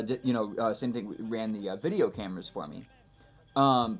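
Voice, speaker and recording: Male musician, loose rambling commentary, pokes fun at himself, faint music bed behind. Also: mid-range voice. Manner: rambling, self-deprecating, lots of fillers and restarts. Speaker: musician giving album commentary. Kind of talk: casual spoken commentary. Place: recording studio.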